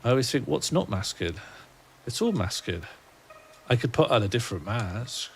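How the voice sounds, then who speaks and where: A man's voice: medium pitch, animated, moderate pace, vocal fry, slight background noise. A man, streaming a game and rambling wryly to himself and his chat. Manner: musing, rambling self-talk, wry. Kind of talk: casual gaming livestream chat.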